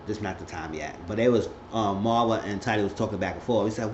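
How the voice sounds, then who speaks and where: A man's voice: on the low side, fast talker, a little mellow, slight background noise. A man vlogging a casual, rambling recap who keeps jumping into voices for the characters. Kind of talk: casual chat. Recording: roomy lo-fi home recording.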